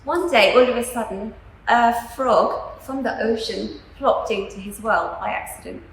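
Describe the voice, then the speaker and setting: A woman gives a lecture to students in a school room, telling her story gently and earnestly. Her voice sits a little high. The room echoes around her, with a faint hiss in the background. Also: a little slow, creaky. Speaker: teacher.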